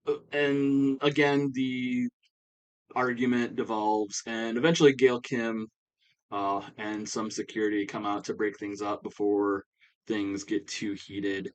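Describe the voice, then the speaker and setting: Low-voiced guy rambling through a recap. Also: fairly even intonation, measured pace, low-quality recording. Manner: rambling, full of fillers like "you know" and "uh". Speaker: YouTuber recapping a wrestling sim game. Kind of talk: casual play-by-play recap.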